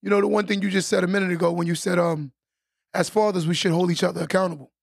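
A middle-aged former pro basketball player, guesting on a casual podcast interview, speaks quickly in a high-pitched voice with fairly even intonation and vocal fry. He makes earnest points and keeps checking in with "right?" as he goes. The recording is dry and clean, studio-grade.

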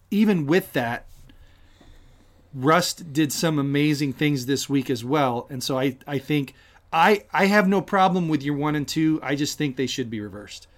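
Casting: male co-host, fairly high voice, steady and calm, keeps the talk moving. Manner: measured, steers the conversation. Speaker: podcast co-host. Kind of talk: casual chat.

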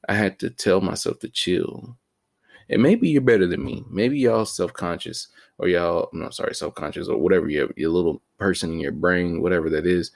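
A man's voice: low voice, vocal fry, darkish tone. A man talking in a slang-heavy, rambling and self-mocking casual monologue as a podcast host.

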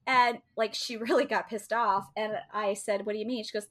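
Casual woman co-host, bright voice, rambling anecdote delivery. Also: medium pitch, fairly even intonation, moderate pace, few pauses. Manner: chatty storyteller, many fillers and restarts. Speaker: co-host telling a travel story. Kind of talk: casual chat.

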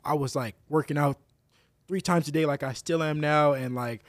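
A man's voice: on the high side, moderate pace, no room sound. Young man chatting, dry close sound. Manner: relaxed, agreeable, repeats himself. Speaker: podcast guest. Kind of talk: casual chat.

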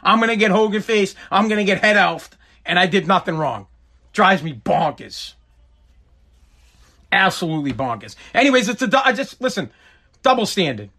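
A man's voice: sits high, lively intonation, normal speed, pauses often, bright, forceful tone. A man hosting a podcast, ranting in a rambling, profane, repetitive way from his home basement. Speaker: podcast host. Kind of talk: casual solo rant.

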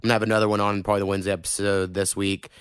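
A man's voice: on the low side, level tone, very fast, clear, resonant tone, no room sound, clean studio sound. A young man from Oklahoma, hosting a podcast in loose, profane, filler-heavy chat. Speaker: podcast host. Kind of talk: casual chat.

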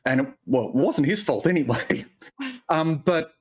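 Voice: mid-range voice, moderate pace, darkish tone, slightly rough. A co-host giving tech reviews in a dry, joking casual manner. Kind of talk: casual chat.

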